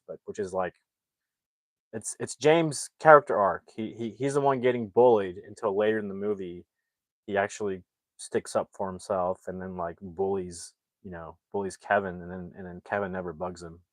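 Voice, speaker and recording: A man's voice: on the low side, no room sound. A man casually retelling a film's plot as a reviewer, rambling with many fillers and restarts. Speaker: film reviewer.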